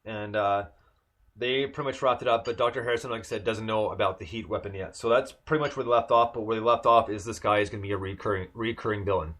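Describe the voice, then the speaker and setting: A man with a fairly low voice talks through a TV episode in loose podcast chat. He rambles, fills gaps with "like" and "uh", and restarts his sentences often. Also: fast talker, a bit bright. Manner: rambling, many fillers and restarts. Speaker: podcast co-host. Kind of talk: casual chat recapping a TV episode.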